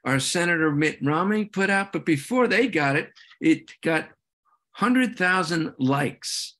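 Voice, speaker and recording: Man, somewhat higher voice, presenting at a community meeting; earnest, halting delivery with restarts. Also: lively intonation, a bit bright. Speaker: presenter at a veterans' group meeting. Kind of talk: informal talk with slides.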